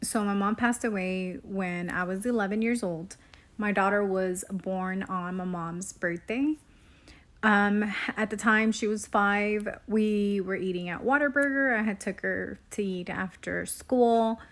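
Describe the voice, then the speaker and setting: A woman's voice: medium pitch, fairly even intonation, unhurried, fairly bright tone. A mother telling a story to camera about her young daughter in an earnest, hesitant way, with frequent ums.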